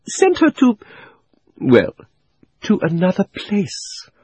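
A man playing a crafty old magician uncle who coaxes and flatters while hiding his greed. He stretches his words slowly, and his pitch climbs and swoops, over a husky audiobook voice. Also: exaggerated voice. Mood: wheedling. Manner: wheedling and sinister, drawn-out words. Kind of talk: audiobook reading.

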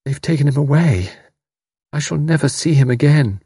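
Storybook young woman, grieving and proud, voiced by a man at a raised pitch; quiet, intense. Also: moderate pace, slightly rough, no echo, studio quality. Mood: desperate. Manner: quiet, flat, then pleading.

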